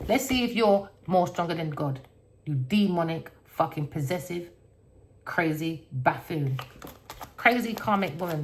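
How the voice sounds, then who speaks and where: A woman with a lowish voice delivers a tarot reading as a furious rant. She is profane and confrontational, and drops into mutters before bursting out loud. It sounds like a solo online reading. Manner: angry, profane, confrontational, swings from low mutter to loud outbursts. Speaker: tarot reader. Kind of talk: ranting tarot reading monologue.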